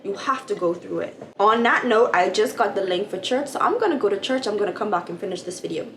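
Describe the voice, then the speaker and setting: A woman's voice: medium pitch, fast, slight background noise. Bubbly young woman telling a story. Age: young adult. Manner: animated storyteller, acts out quoted dialogue. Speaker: vlogger. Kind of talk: casual testimony vlog.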